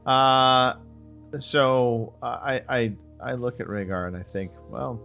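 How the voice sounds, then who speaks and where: A man speaks as a player in an online tabletop game, reasoning aloud about what to try. His voice sits at a middling pitch. The call audio is dull and lo-fi, with faint music behind. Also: steady tone, takes it slowly, gravelly, sharp tone. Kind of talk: casual game chat.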